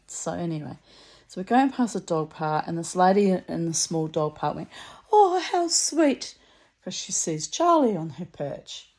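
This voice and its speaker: A woman's voice: deep voice, darkish tone. A middle-aged woman, casually telling a rambling story with many asides. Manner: rambling and chatty, full of asides. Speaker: vlogger.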